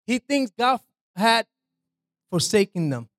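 A man with a high, sing-song, fairly bright voice preaches an informal sermon slowly, with no room sound. His delivery is loose, conversational, and slangy, and he keeps asking "right?" and dropping "man" into his talk.

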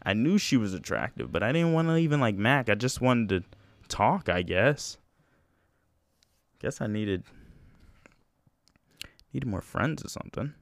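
A man's voice: mid-range voice, big pitch swings, unhurried, creaky, long pauses, no room sound, studio quality. A young man hosting a casual solo podcast, telling a story in a rambling, self-mocking way with lots of slang. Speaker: podcast host.

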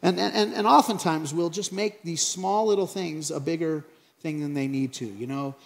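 A man's voice: on the high side, moderate pace, vocal fry. Playful male pastor in an echoey church hall. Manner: playful, acts out little scenes in funny voices. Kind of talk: sermon.

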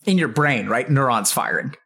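A man in his thirties talks casually and tells a hospital story, his voice sitting at an ordinary middle pitch. He rambles, fills every pause with "like" and swears without holding back. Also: lively intonation, pushed and bright, husky. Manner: rambling, heavy use of "like", swears freely. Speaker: psychiatrist, podcast guest.

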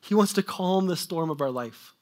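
A man preaching a sermon, swinging between loud emphatic questions and quiet trailing asides. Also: a little high, animated, normal speed.

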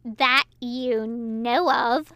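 A woman's voice: high-pitched, sing-song, a little slow, fairly bright tone, full character voice. A woman voicing a drunk, giggly male demon who teases and sulks, in a fan fiction audiobook. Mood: sulky. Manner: teasing, then grumbling and sulky.

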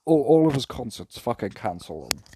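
A man voicing a rude, posh male politician who blusters loudly and swears. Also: medium pitch, very animated, normal speed, breathy edge, dry recording. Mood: furious.

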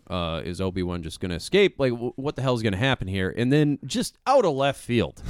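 A young man co-hosting a podcast, excitedly recapping an episode, swearing and laughing often. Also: medium pitch, fairly quick, hardly any pauses, clear, resonant tone, no room sound, clean studio sound. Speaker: podcast co-host. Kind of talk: casual chat.

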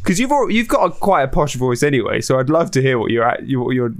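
A young man co-hosting a podcast, jokey and quick to laugh and swear. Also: medium pitch, sing-song. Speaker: podcast co-host. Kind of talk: casual chat.

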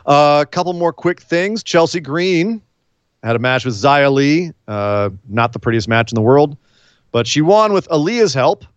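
A man co-hosting a casual wrestling recap, rambling and animated, often acting out what the wrestlers said. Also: a little high, moderate pace, clear, resonant tone, no room sound, muffled recording. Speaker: wrestling podcast co-host.

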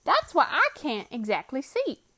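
A woman's voice: sits high, huge pitch swings, unhurried, bright, forceful tone, voice pushed up, full character voice. A woman voicing an uneasy grizzled sled-dog driver with a rustic backwoods dialect. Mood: brooding.

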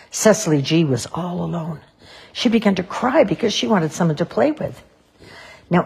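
A woman reading children's storybooks aloud in a gentle, expressive storytelling voice. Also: low-pitched, gravelly, breathy edge. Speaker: storybook reader.

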